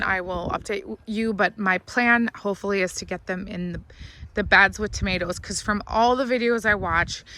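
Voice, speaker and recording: A woman's voice: mid-range voice, sharp tone. A chatty woman with a slightly scratchy voice rambles through a tour of her backyard garden, recorded on a handheld phone outdoors. A faint hiss of outdoor noise sits under her voice. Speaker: vlogger giving a garden tour. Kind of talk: casual walkthrough narration.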